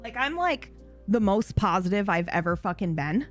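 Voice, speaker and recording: A young woman streamer chatting casually, swearing freely and getting animated and giggly. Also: medium pitch, normal speed, soft background music. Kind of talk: casual chat.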